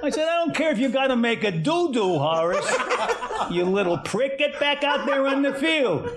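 A man's voice: very high-pitched, sing-song, moderate pace, a loud crowd. An actor playing a crude, boisterous old man who laughs and curses through a story in a TV drama. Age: older. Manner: loud, laughing, cursing, mimics a whiny child. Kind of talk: TV drama monologue.

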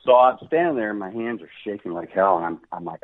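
Speaking fast in a low voice, this middle-aged man is a professional golfer casually recounting a tale. He gets animated, plays out the quoted lines, and laughs a lot, all over what sounds like a phone-style radio connection.

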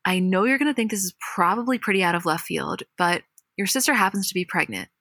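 A woman's voice: medium pitch, animated, fast talker, fairly bright tone, no room sound, clean studio sound. A woman reading out the lines of a defensive young man, quoting him verbatim.

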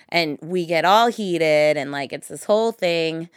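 A woman musician telling a story in a casual chat, animated and full of swearing. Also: sits low, measured pace, few pauses, clean tone, no echo, studio quality. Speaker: touring musician, guest.

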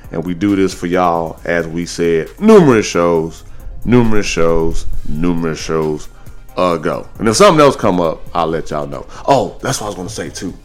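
A man hosting a casual podcast. His voice sits very low, and he swings up into high, animated tones as he tells a funny story. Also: moderate pace, faint music behind. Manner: animated storytelling, jumps high when joking. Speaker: podcast host.

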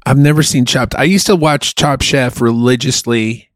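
A man's voice: mid-range voice, normal speed, dry recording. A man co-hosting a podcast, chatting casually and bluntly, swearing often as he rants. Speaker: podcast co-host. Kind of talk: casual profane chat.

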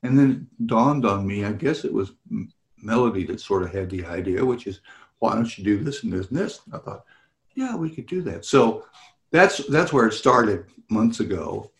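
Male celebrity host, lively laughing storyteller, video call audio in an echoey room. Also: lowish voice, moderate pace. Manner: animated, laughs often, acts out voices in anecdotes. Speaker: celebrity hosting fan meet and greets. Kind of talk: casual storytelling chat.

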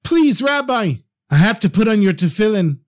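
A man's voice: a little high, lively intonation, a little slow. Desperate repentant businessman, tearful and pleading, put on by a male narrator.

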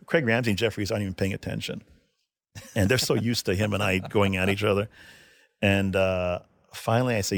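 A middle-aged man, a hockey video coach, telling animated, laughing anecdotes as a guest in a casual interview. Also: on the low side, brisk, vocal fry, no room sound, clean studio sound.

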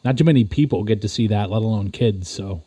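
A young man on a casual podcast, relaxed and hesitant, with plenty of fillers. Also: on the low side, fast talker, husky. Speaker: podcast co-host.

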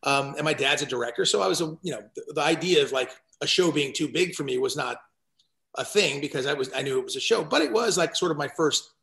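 A man guesting on a podcast, chatting and telling stories in an animated way, often restarting his sentences. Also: fairly high pitch, fast, vocal fry, reverberant. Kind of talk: casual chat, storytelling.

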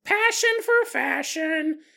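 A man squeaking out a perky talking toy doll. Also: expressive, creaky, bright, forceful tone, exaggerated voice. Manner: sing-song catchphrase delivery, slow and high.

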